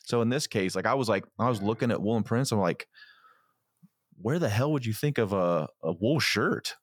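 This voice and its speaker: A man co-hosting a podcast, chatting casually and telling a story in an animated way. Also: on the low side, normal speed, breathy edge, no echo, studio quality. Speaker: podcast co-host. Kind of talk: casual chat.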